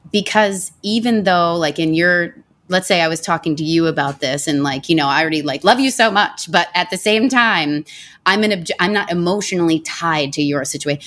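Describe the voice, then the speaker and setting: Low-voiced woman financial consultant, chatty. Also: a bit bright. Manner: chatty, many fillers like "you know" and "like". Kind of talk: casual interview answers.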